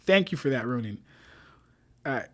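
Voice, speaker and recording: A man's voice: mid-range voice, lively intonation, normal speed, a bit bright. A young man giving casual livestream commentary, mocking and exasperated, swearing, repeating himself and laughing often. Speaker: streamer reviewing fan debates.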